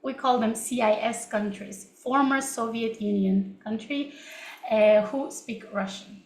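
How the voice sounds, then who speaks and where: A young Kazakh woman whose first language is Kazakh leads a casual live English learning session, chatty and upbeat and laughing often. Her voice is a little high and unhurried. The recording has a roomy echo.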